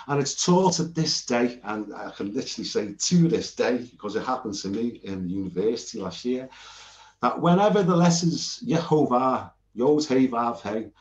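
Speaking with a medium pitch and a darkish tone, a British man rambles earnestly through a casual Bible lesson, showing notes on screen and repeatedly restarting his sentences. The audio is lo-fi, roomy and dull.

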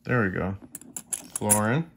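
A man's voice: fairly low pitch, lively intonation, slow, gravelly, fairly bright tone, a little hiss or hum. A young man in casual chat with his viewers, easily amazed and talking to them directly as he sorts through coins. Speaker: coin collecting vlogger.

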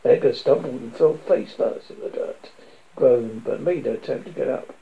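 A man narrating a dramatic story in a steady storytelling manner. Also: medium pitch, moderate pace, gravelly, dull audio. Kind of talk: scripted audiobook narration.

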